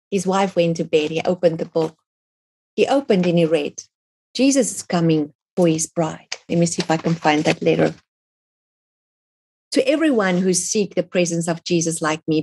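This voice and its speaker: A woman's voice: lowish voice, darkish tone, husky. A middle-aged woman, an author and guest, telling her faith story in a fervent, earnest way. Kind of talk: personal faith testimony.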